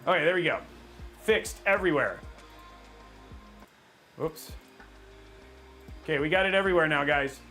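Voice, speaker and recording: A man hosting a casual livestream, rambling and excitable, joking about himself. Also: fairly high pitch, moderate pace, pauses often, faint music behind. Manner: excitable, rambling, self-mocking. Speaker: livestream host.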